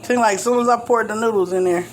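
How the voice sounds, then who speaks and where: Chatting homily as she cooks, an older woman hosts a casual kitchen demonstration, explaining every step. She talks fast in a slightly high voice, and the recording carries a little hiss or hum along with clattering pots and cutlery.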